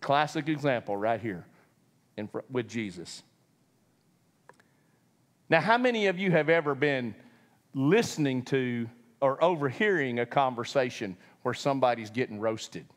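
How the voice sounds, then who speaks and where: A man's voice: mid-range voice, animated, unhurried, pauses often, long reverb tail. A man preaching a sermon, telling the story with humor, acting out voices and laughing often.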